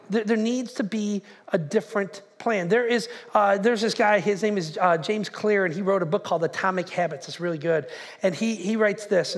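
A man pastor preaching a conversational, animated sermon in a church. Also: sits high. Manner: conversational, animated, shouts acted-out quotes. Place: church sanctuary.

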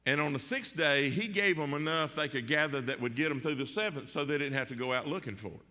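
A man's voice: fairly high pitch, fast talker, bright, forceful tone, big-room sound. A man with a Southern US accent preaching a sermon as pastor, folksy and conversational, with rhetorical questions and jokes. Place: church sanctuary.

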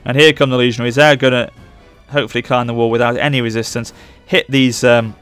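Excitable man barking orders. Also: medium pitch, fast, clear, resonant tone, faint music behind. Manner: urgent, excitable, barks orders at units. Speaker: gaming channel host. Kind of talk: live gameplay commentary.

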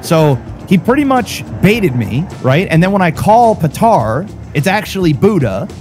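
A man's voice: high voice, sing-song, a little slow, darkish tone. A man ranting in character in a crime-city roleplay game, profane and exasperated, with music playing behind him. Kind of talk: heated in-character rant.

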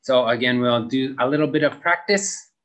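A young adult man teaching an English grammar lesson, slowly stretching out key words as he models them for students. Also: mid-range voice, fairly bright tone, low-quality recording.

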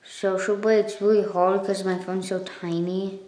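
A woman's voice: mid-range voice, flat delivery, moderate pace, dark tone, reverberant. A woman vlogging casually to her viewers, rambling and correcting herself as she goes, recorded on a phone. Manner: rambling, self-correcting, coughs and clears throat. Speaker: channel owner. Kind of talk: casual thank-you vlog.

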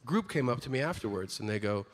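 A man's voice: medium pitch, quick pace. A man performing stand-up comedy on a theater stage, telling profane stories and acting out the people in them. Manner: profane, animated storytelling that acts out the people in his stories. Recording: long hall reverb of a live venue.

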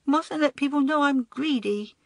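A timid little schoolboy wails through his sobs, his voice pitched high and pleading. His voice is close and dry, with no room around it, and he sounds scared for the whole audiobook scene. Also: moderate pace, no room sound. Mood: tearful. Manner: sobbing, wailing, high and pleading. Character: small tearful young schoolboy, timid and scared. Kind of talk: audiobook character voice.

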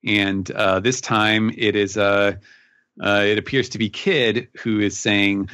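A man on a podcast talking through a recap in a casual, rambling way, pausing often on fillers. His voice is lowish and even. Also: clear, resonant tone. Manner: rambling, filler-heavy, hesitant. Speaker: podcast panelist.

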